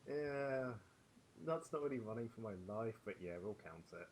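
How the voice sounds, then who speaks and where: A man's voice: medium pitch, expressive, moderate pace, a little mellow, low-quality recording. A man playing his character in a tabletop game, chatty and sarcastic, talking over a voice call. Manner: chatty, sarcastic, laughs often. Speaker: player. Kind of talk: in-character tabletop role-play over voice chat. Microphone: computer mic on a voice call.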